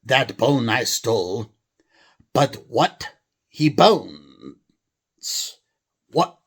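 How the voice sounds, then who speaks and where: A man's voice: very high voice, huge pitch swings, drawn-out words, sharp tone, pitched above the performer's own voice, full character voice. A man reading a poem aloud and voicing a sly old troll in a mock English accent. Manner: mock English accent, archaic sing-song. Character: old bone-munching troll, lonely, sly.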